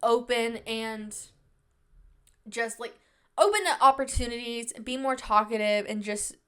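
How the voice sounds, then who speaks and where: A woman's voice: fairly high pitch, a little slow, fairly bright tone, clear, resonant tone. A young woman hosting her own podcast, talking casually and at length, full of fillers and self-reassurance, shy and introverted by her own account. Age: young adult. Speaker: podcast host. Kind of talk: casual solo podcast chat.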